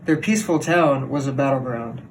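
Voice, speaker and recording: A young man on a sports team reading a children's picture book aloud in a plain, steady way. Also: medium pitch, a little fast, recorded from a distance, slight background noise, rough recording. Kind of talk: storybook read-aloud.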